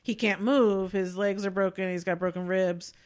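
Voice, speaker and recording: A woman's voice: medium pitch, steady tone, moderate pace. A woman co-hosting a podcast, reviewing a movie in a chatty, rambling way with many fillers. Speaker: podcast co-host. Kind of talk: casual chat, movie review.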